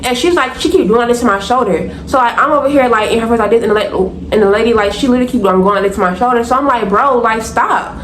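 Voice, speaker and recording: A young woman telling a storytime vlog to her viewers, animated, blunt and profane, often calling them y'all. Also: a little high, very fast, few pauses, reverberant, slight background noise, rough recording. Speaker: storytime vlogger. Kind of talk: casual storytime to camera.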